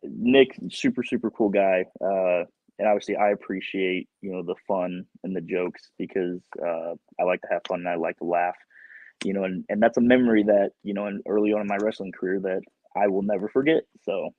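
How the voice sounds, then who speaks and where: A male professional wrestler telling a lively backstage story in a casual interview, laughing often as he talks. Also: low-pitched, brisk, dry recording. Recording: dull lo-fi recording.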